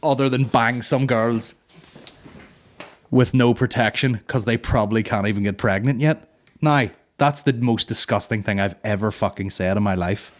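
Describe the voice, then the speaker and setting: A man's voice: mid-range voice, moderate pace. A man hosting a comedy podcast, rambling crudely with heavy swearing. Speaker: podcast host. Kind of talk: casual comedy podcast banter.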